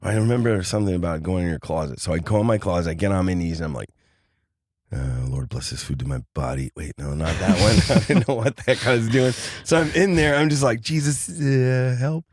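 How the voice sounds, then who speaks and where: Deep-voiced man telling a story. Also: fast, few pauses, no room sound, clean studio sound. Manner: animated storyteller acting out quoted voices. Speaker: podcast guest. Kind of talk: casual storytelling.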